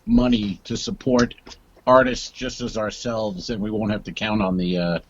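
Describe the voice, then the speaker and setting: A man's voice: lowish voice, normal speed, vocal fry, slight background noise. Man, podcast co-host, sarcastic teasing banter, lo-fi remote audio. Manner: teasing, sarcastic, laughs often. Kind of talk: casual comedic banter.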